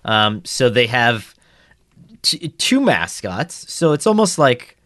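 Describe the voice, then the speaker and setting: A man's voice: medium pitch, very animated, slow, a bit bright, no echo, studio quality. A man co-hosting a football podcast, telling stories in a wry, amused way in casual chat. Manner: wry, amused storytelling with chuckles. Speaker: podcast co-host.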